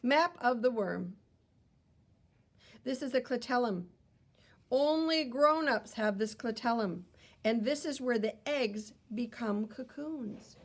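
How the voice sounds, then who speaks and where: A woman's voice: a little high, animated, slow, long pauses. A woman teacher reading a picture book aloud to children, wondering aloud and explaining as she goes.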